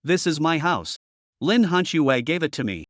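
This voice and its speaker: A man's voice: a little high, very animated, moderate pace, no echo, clean studio sound. A man voicing a smug young hero.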